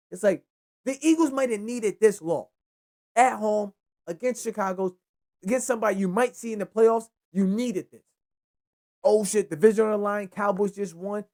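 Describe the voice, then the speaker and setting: A young man hosting a casual solo football recap, rambling and excitable, with frequent profanity. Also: high voice. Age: young adult. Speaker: sports show host.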